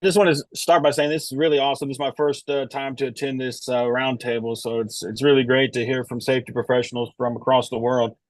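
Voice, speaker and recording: A man's voice: mid-range voice, little pitch movement, quick pace, few pauses, dry recording, low-quality recording. A man from Texas, speaking earnestly as a first-time attendee of an online roundtable and repeating words as he thinks. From Texas, United States. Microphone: video call.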